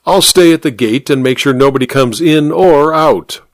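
A man's voice: fairly high pitch, dry recording, voice pushed up, lightly acted. A man voicing a nervous policeman who speaks hesitantly. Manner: hesitant, halting. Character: uncertain, nervous young policeman.

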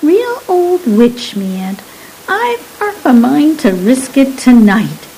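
A woman voicing a sullen, sly young nanny with rough working-class speech. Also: high-pitched, big pitch swings, takes it slowly, dark tone, slight background noise, pitched above the performer's own voice, exaggerated voice, rough recording. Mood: glum.

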